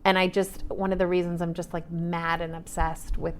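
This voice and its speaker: A woman in her forties, an author and trauma therapist, speaks animatedly in a casual panel conversation, dropping to a whisper for asides. Her voice is on the low side, with flat delivery at a moderate pace. A little hiss or hum runs under the recording.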